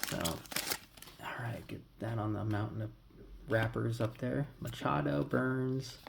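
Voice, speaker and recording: A man's voice: lowish voice, little pitch movement, a little slow, gravelly, very noisy. Casual male card-opening vlogger, mumbling names, loose and rambling. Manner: rambling, mutters names as he flips cards. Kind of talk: casual pack-opening commentary.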